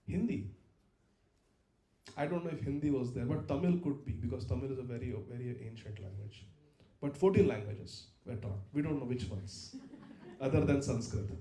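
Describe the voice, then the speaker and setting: A man teaching a scripture class, telling a story in an animated way, acting out the dialogue and laughing often. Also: medium pitch, normal speed, roomy sound. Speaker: spiritual teacher.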